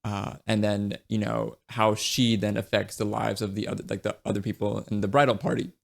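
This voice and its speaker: A man's voice: lowish voice, little pitch movement, a little fast, creaky. A man giving a casual, blunt book review, swearing freely and often restarting his sentences. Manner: blunt and profane, with frequent restarts.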